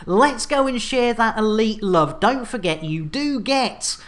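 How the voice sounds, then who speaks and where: A woman chatting casually to her viewers on a live game stream, animated and chatty with lots of fillers. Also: on the high side, measured pace. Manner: animated, chatty, full of fillers and thank-yous.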